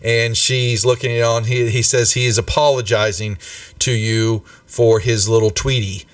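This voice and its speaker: A man's voice: mid-range voice, flat delivery, moderate pace, no room sound, recorded from a distance. A man narrating a tabletop game as game master in a loose, conversational way, often searching for words.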